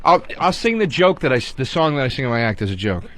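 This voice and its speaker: A man's voice: medium pitch, very animated, fast, a bit bright, a little hiss or hum. A man in his thirties co-hosting a comedy radio show, arguing defensively, laughing a lot and swearing. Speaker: radio co-host. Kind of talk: bickering comedy radio banter.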